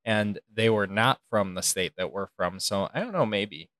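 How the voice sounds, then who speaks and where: Casting: young American man, co-host, wry, dry humor, lowish voice, close dry sound. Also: moderate pace, fairly bright tone, dry recording. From United States. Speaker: podcast co-host. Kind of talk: casual chat.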